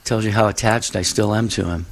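A man co-hosting a faith-based call-in radio show, speaking slowly and earnestly. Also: on the low side, fairly even intonation. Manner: slow, earnest, reflective. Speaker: radio co-host.

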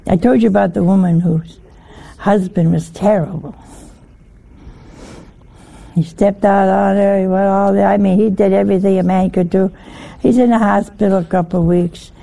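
Gravelly older woman preaching folksily. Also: medium pitch, fairly even intonation, normal speed, long pauses, dark tone. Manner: folksy, asks listeners rhetorical questions. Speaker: religious teacher. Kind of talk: sermon.

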